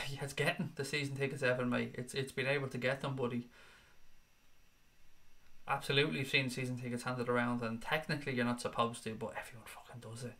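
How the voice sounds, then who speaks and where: A man's voice: medium pitch, little pitch movement, brisk, fairly bright tone. A man hosting a football fan livestream, chatting casually and swearing freely as he answers viewers. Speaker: football fan channel host. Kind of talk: livestream chat, reading viewer comments.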